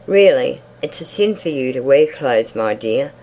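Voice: mid-range voice, animated, a little slow, a little mellow, lightly acted, poor audio. A reader voicing Mrs Kember, a bold, cold and worldly woman who teases in a raised, coaxing tone in a storybook reading. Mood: teasing. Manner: teasing and worldly.

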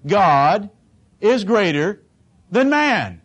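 A man's voice: high voice, big pitch swings, measured pace. A man preaching a sermon as pastor, emphatic and dramatic, acting out the lines he quotes.

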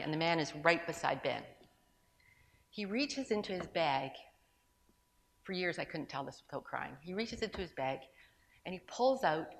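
A woman's voice: lowish voice, a bit bright, in a large hall. A woman speaking to a gathering, telling a personal story in a conversational, sermon-like way with asides and restarts. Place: large room with an audience.

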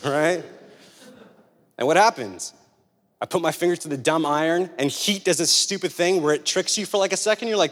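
A young adult male pastor preaches a sermon in a high voice with big pitch swings, speaking a little fast with a slightly bright tone. He tells stories conversationally and hammers his points home through repetition. A long hall reverb surrounds the recording.

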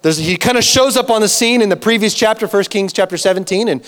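High-voiced pastor in an echoing church hall. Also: male voice, fast. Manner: animated storytelling with acted-out dialogue. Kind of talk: sermon. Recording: long church hall reverb.

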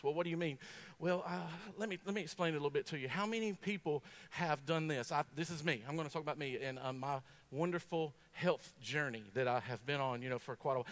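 High-voiced preacher, folksy and funny. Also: male voice, fast talker. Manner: folksy, humorous, animated storytelling. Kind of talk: sermon.

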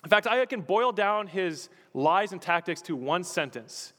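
A man's voice: high voice, expressive, a little slow, a bit bright, in a large hall. A male pastor preaching a sermon in an emphatic, repetitive style. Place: church.

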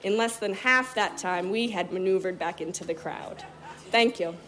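A woman performing a lively story for a live audience, telling it vividly and acting out moments as she goes. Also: medium pitch, moderate pace, heavy background noise. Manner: animated, vivid, acts out other people's lines.

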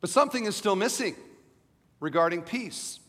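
Male pastor, high voice, middle-aged, emphatic sermon, rhetorical questions, long hall reverb. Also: lively intonation, normal speed, fairly bright tone.

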